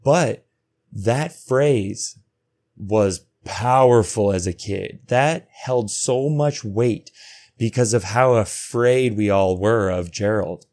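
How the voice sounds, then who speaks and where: A man's voice: lowish voice, slow pace, darkish tone. Candid, cursing man telling a story. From Alberta, Canada. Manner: candid and profane, acting out his own inner thoughts. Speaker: podcast host. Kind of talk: confessional storytelling monologue.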